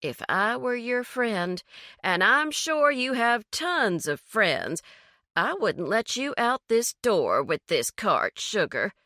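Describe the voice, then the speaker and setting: A woman voicing a pushy, condescending fitness fanatic in a deep, sugary drawl while reading a story. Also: very animated, slow pace, pushed and bright, no room sound, clean studio sound, exaggerated voice. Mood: cooing.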